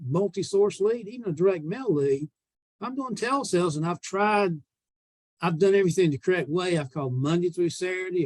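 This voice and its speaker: A man's voice: high-pitched, dry recording. A man with a Southern American accent giving a sales coaching talk, plainspoken and emphatic as he walks through example phone calls. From United States. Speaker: sales trainer.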